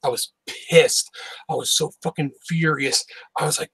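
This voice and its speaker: A man's voice: a little high, brisk, a little hiss or hum, poor audio. A man chatting casually about his collection, telling a story with lots of swearing and acted-out back-and-forth. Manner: excited, profane storytelling with quoted exchanges. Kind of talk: casual chat.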